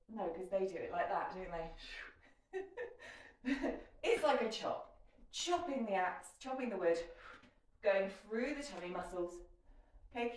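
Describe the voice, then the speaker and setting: A woman leading a kettlebell workout as fitness instructor, giving chatty, encouraging cues. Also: fairly high pitch. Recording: echoey room, mic at a distance.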